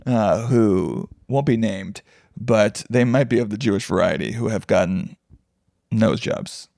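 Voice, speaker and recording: A man's voice: fairly low pitch, measured pace, vocal fry, a little mellow, no room sound, studio quality. Joking, rambling male podcast co-host. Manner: joking, rambling, laughs often. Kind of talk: casual chat.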